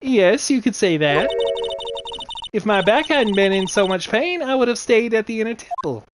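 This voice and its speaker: Chirpy old nun lady, voiced by a man, folksy and cheery, high lively delivery over game music. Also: normal speed, background noise. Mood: chatty. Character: old woman, a cheerful chatty nun with back pain. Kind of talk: game dub reading.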